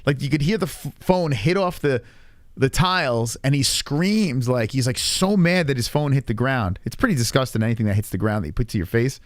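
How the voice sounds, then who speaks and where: A man's voice: medium pitch, fairly quick, dry recording. A man hosting a livestream, chatting casually in a rambling, crude, joking way and reacting to chat messages. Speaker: livestream host.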